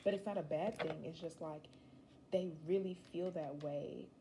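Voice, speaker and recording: A woman's voice: on the low side, moderate pace, mellow, a little hiss or hum, poor audio. A young woman giving a casual, rambling tarot reading, chatty and slangy with emphatic asides. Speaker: tarot reader.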